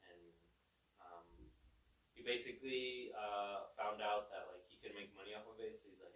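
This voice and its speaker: A man's voice: lowish voice, normal speed. Young man telling stories in an echoey room. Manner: animated storyteller retelling comedy scenes. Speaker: podcast host. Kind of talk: casual podcast chat. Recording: roomy room, distant mic.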